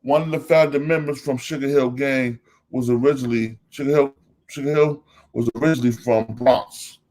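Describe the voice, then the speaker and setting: A man's voice: medium pitch, steady tone, moderate pace, darkish tone. Host, man, New Jersey accent, emphatic casual monologue, lists names and repeats lines. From Elizabeth, New Jersey.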